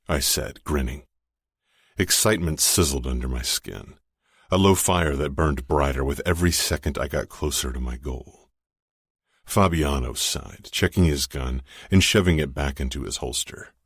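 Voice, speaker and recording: A man narrating a dark romance audiobook in first person, in a menacing, deliberate way. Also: extremely low pitch, slightly rough, dry recording, clean studio sound.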